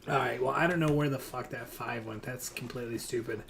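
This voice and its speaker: A man's voice: medium pitch, brisk, a bit bright, slight background noise. Young man gamer, loose rambling chat with cursing. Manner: rambling, swears freely, talks to players and his kid. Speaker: gaming streamer. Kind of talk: casual chat while playing a hunting game.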